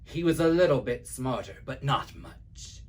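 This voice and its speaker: A man playing a chatty, husky wolf. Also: mid-range voice, unhurried, a little mellow, close to an everyday voice. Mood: sly. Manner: chatty, wry, confiding. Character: easygoing male wolf telling his side of the story. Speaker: library storyteller. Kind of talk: read-aloud children's story.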